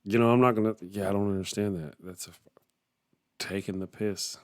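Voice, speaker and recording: Reacting to comments from his viewers, a morning livestream host chats in a casual, rambling manner, chuckling often and trailing off. He talks fast in a lowish, slightly mellow voice with fairly even intonation.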